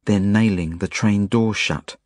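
A man reading his own novel aloud in the first person, earnest and rising to urgent shouts. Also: fairly low pitch, steady tone, measured pace. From Australia. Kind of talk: audiobook narration.

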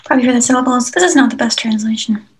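A woman's voice: on the high side, very fast, poor audio. A woman co-hosting a casual poetry podcast, chatty with many fillers and easy laughs. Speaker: podcast co-host. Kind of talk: casual chat about poetry.

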